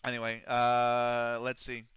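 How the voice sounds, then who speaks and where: A man's voice: medium pitch, monotone, slow, a bit bright, clear, resonant tone, no echo, muffled recording. A man streaming a football management game, chatting loosely with many fillers and the odd curse. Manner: rambling and loose, with many fillers and casual swearing. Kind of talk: casual live-stream commentary.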